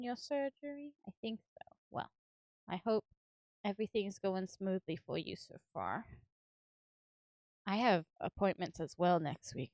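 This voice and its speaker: A woman's voice: a little high, dry recording, clean studio sound. A woman streamer chatting casually and giggling while she builds, swearing now and then and filling her talk with fillers.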